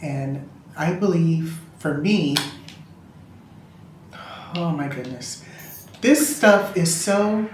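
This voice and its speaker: A woman's voice: low-pitched, drawn-out words, pauses often, darkish tone, slight background noise. A woman reviewing a fragrance in casual chat, a gushing and chatty storyteller talking from a room at home. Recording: roomy room echo.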